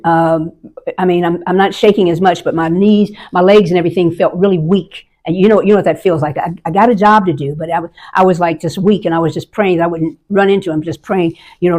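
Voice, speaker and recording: An older American woman, an Army veteran, recounts a personal experience in a lowish voice. She speaks earnestly and often stops to restart a sentence. She acts out the voices of the people she quotes. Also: darkish tone. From United States. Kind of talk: personal testimony storytelling.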